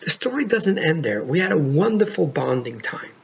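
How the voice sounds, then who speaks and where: A middle-aged man speaking as a life coach in an earnest, heartfelt monologue, often pausing to stress words. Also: a little high, sing-song, creaky, breathy edge. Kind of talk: monologue to camera. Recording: dull lo-fi audio with faint noise.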